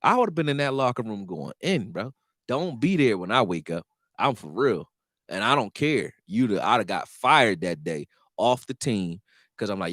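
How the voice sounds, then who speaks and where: Animated, profane male sports streamer. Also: fairly low pitch, normal speed, no room sound, studio quality. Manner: animated, profane, answers chat. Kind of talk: casual live-stream sports talk.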